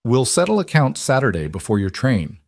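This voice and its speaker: A man voicing a gruff older woman who runs a saloon, speaking in a gravelly, blunt, flat way for an audiobook. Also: mid-range voice, brisk, pitched above the performer's own voice. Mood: gruff kind. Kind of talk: audiobook character voice.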